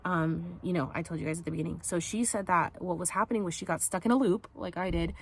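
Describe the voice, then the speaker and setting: A woman's voice: lowish voice, steady tone, quick pace, slightly rough. A woman vlogger casually telling a personal story, rambling and filling it with "like". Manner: rambling, heavy use of "like", acts out quotes.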